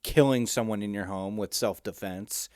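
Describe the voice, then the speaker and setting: A man's voice: fairly low pitch, moderate pace, no room sound. A man who works as a therapist co-hosting a podcast, thinking aloud in casual chat, hedging with many fillers.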